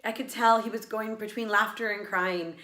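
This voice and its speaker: Vlogging woman, laughter yoga teacher, earnest and reflective, mid pitch, echoey room. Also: steady tone, normal speed, bright, forceful tone. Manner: earnest, reflective, with many fillers and restarts. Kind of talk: personal vlog monologue.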